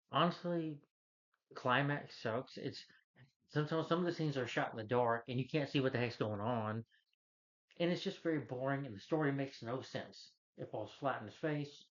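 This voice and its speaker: A man ranting through a movie review in a mid-pitched voice, blunt and meandering, circling back to the same points. The audio is a bit dull and lo-fi. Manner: blunt, rambling, repeats himself with filler yeahs. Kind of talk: unscripted rant review.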